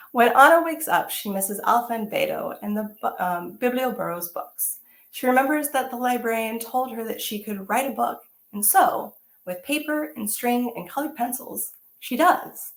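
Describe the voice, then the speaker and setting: An animated woman reads a picture book aloud to children as a teaching artist, full of exclamations and questions to her young listeners. Her voice sits a little high with a gravelly edge. The room around her is echoey.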